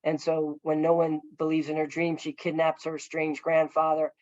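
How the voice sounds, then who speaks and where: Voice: mid-range voice, completely flat delivery, normal speed, darkish tone, no echo, highs cut off. A filmmaker telling a long story over a video call, earnest and rambling, with many fillers and restarts. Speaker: filmmaker guest.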